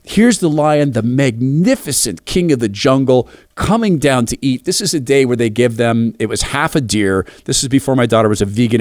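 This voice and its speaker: A middle-aged man preaching a devotional talk, telling lively family anecdotes and acting out the voices. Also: mid-range voice, no room sound, clean studio sound. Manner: animated, acts out voices in anecdotes.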